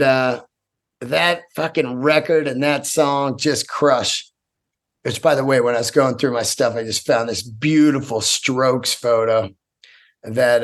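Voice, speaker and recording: A man hosting his own podcast alone, rambling loosely from topic to topic and swearing freely. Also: fairly high pitch. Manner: rambling, profane and animated. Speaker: podcast host. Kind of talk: solo podcast monologue.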